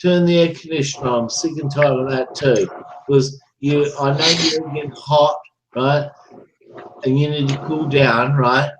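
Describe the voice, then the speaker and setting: Give me a man slowly taunting a rival in a chat room, profane and gloating, with a faint hiss behind him. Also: fairly high pitch, fairly even intonation. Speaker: online voice chat room user. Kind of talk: angry taunting rant.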